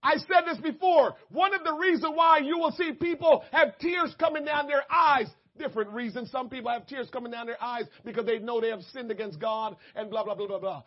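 A man with a very high voice preaches a sermon, calling out to the congregation and rising into shouted emphasis before dropping back to soft asides. The recording is dull and lo-fi. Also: brisk, few pauses. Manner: addresses the congregation directly.

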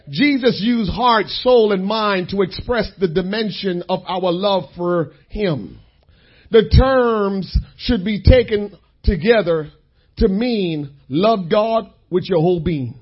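Husky high-voiced male preacher. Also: dull audio. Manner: call-and-response preaching with drawn-out phrases; emphatic, repeats key lines. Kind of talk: sermon.

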